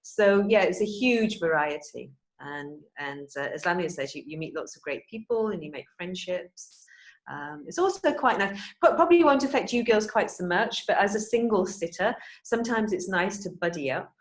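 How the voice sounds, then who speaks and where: A woman's voice: mid-range voice, animated, normal speed. Chatty Welsh woman on a video call. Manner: chatty, laughs often, trails off softly. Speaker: experienced housesitter. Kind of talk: casual group video chat.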